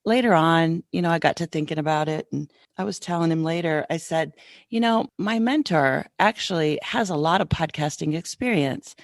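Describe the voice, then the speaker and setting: A woman's voice: deep voice, normal speed, dry recording, studio quality. A middle-aged woman hosting a podcast, telling a story in a chatty way and acting out the back-and-forth of what people said. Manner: chatty, quotes others in lively back-and-forth. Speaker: podcast host. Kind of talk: casual storytelling.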